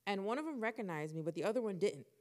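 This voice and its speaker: A young woman co-hosting a podcast, telling a personal story in casual chat and acting out the dialogue with lively shifts. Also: medium pitch, racing. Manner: animated, acts out quoted dialogue. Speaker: podcast co-host.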